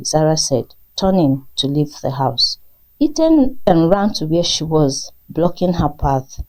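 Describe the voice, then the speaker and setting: Low-voiced woman storyteller. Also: very animated, takes it slowly, a little mellow, poor audio. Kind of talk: story narration.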